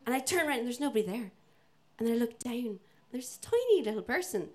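A woman's voice: a little high, big pitch swings, brisk. A young adult woman with an Irish accent telling a self-mocking personal story, acting out the voices of the people in it. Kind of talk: personal story told to an audience.

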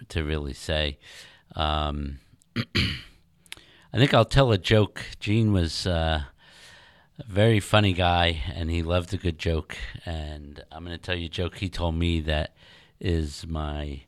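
A man's voice: low voice, slow, no echo, clean studio sound. An older man hosting a jazz radio show, talking casually and hesitantly with many ums and uhs.

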